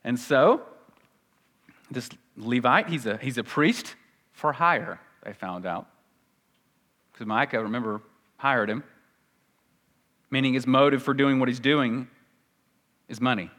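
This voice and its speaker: A man preaching a sermon with a Southern US accent. He talks earnestly and conversationally, and his pitch jumps up when he acts out quoted voices. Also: slow pace, pauses often, a bit bright. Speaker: pastor.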